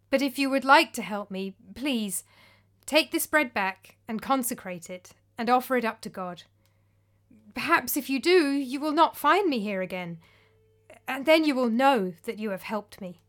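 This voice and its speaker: A woman voicing a humble, sorrowful male bath attendant who is a ghost, speaking softly in a storybook reading. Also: on the high side, expressive, unhurried.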